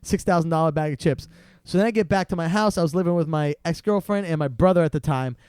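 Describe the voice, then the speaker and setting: A man's voice: a little high, fast, clean tone, no echo, studio quality. A young man, a podcast guest, telling a long story in casual chat and acting out other people's lines as he goes. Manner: animated, acts out salesmen's voices in quotes.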